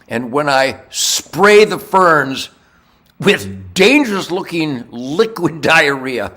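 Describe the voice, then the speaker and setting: Older guy ranting on his podcast, crude, bright forceful voice, jumps all over in pitch. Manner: brash, ranting, crude jokes, swings from low mutters to loud shouts. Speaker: podcast host. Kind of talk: rambling podcast monologue.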